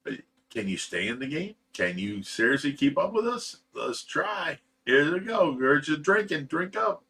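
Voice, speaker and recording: A man's voice: fairly high pitch, sing-song, moderate pace, creaky, bright, forceful tone, husky. A middle-aged man hosting a casual livestream, laughing often and reading viewer comments aloud. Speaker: livestream host reading chat. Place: fish room at home.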